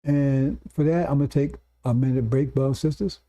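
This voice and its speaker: A man preaching a scripture lesson to a congregation, explaining point by point and often checking in with quick "see?" and "right?" asides. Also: medium pitch, steady tone, warm tone. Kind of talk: sermon lecture to congregation.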